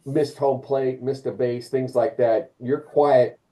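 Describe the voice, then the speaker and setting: An umpire clinic instructor with a dark, medium-pitched voice teaches umpire mechanics during a live online training session. He speaks slowly and animatedly, acting out calls and quotes while repeating and restarting phrases, all on a low-quality recording.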